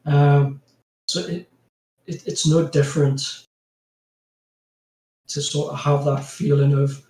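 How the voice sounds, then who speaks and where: This man speaks slowly and pauses often, his fairly high, slightly mellow voice showing little pitch movement. A graphic designer from North East England with a strong Geordie accent, he's a podcast guest in a rambling casual chat, full of laughter and "you know" fillers, recorded roomy and far from the mic.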